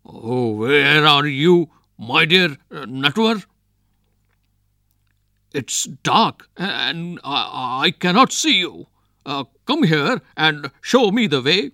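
A man playing a loud, taunting wrestler. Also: fairly high pitch, sing-song, slow, no room sound, studio quality, full character voice. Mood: nervous bravado. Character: bold, mocking young male wrestler.

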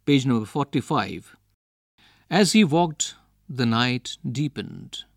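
A man reading a storybook aloud, in a slow, expressive way. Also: mid-range voice, vocal fry, no echo, studio quality. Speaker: reader.

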